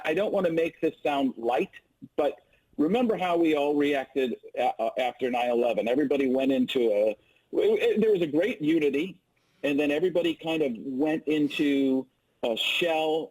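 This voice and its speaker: A man's voice: a little high, poor audio. A man, a comedian, chatting as a guest in an interview and telling stories with lots of stammered restarts. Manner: stammering restarts, animated storytelling. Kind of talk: casual interview chat.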